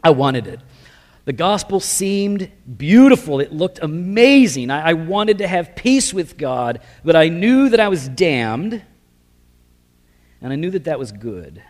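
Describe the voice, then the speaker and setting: A man's voice: fairly high pitch, very animated, a little slow, darkish tone. A man preaching his personal testimony in a casual, self-deprecating storytelling way, full of slang fillers. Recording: long reverb of a large hall.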